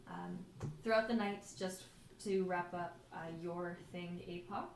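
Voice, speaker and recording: A woman's voice: on the low side, steady tone, unhurried. A woman narrating as game master in a tabletop game, casual and chatty with many fillers. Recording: echoey room with noise.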